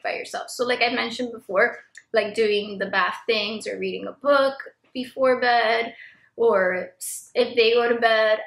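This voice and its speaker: A woman's voice: fairly high pitch, gravelly. A young woman, a stay-at-home mom, talking candidly to her viewers in a chatty, confessional way that is full of "like" fillers. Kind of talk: casual confessional chat to camera. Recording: roomy echo.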